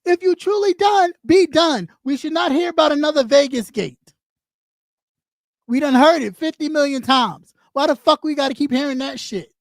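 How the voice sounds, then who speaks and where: A woman's voice: sits high, normal speed, dry recording, clean studio sound. A woman hosting a live stream, talking bluntly and profanely as she scolds her audience and repeats lines for emphasis. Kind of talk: ranting live stream commentary.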